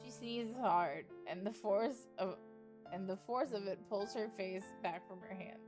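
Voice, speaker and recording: A woman's voice: medium pitch, unhurried, music in the background. A woman streamer narrating a game playthrough in a playful manner, reading the dialogue aloud.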